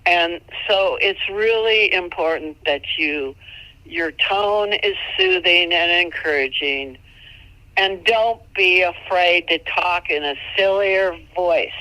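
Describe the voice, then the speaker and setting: A woman mule trainer giving casual, folksy advice, chatty and quick to laugh, sometimes jumping into high, playful tones. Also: bright, forceful tone, dry recording, poor audio. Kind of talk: casual instructional chat.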